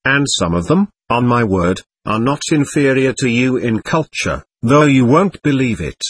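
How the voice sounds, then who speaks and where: A man reading a mocking gentleman devil. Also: medium pitch, lively intonation, moderate pace, slightly rough. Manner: ironic, chatty, worldly. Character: suave, mocking male devil, a gentleman visitor. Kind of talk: audiobook character reading.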